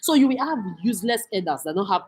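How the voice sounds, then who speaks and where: Husky woman ranting angrily. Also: a little high, sing-song, fast talker, darkish tone. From Nigeria. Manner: heated, accusing, profane, repetitive. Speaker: vlogger. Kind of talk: angry profane rant to camera.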